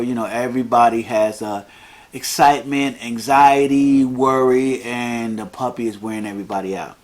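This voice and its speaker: A man in his fifties hosts an unscripted podcast alone, chatty and rambling. His pitch sits at an ordinary middle for a man, and he laughs easily as he talks. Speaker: podcast host.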